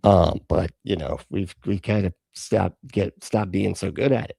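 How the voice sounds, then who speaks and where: A man's voice: sits low, measured pace, gravelly, mellow, breathy edge, dry recording. A man hosting a live stream, reacting in casual, profane, rambling chat from close to the mic.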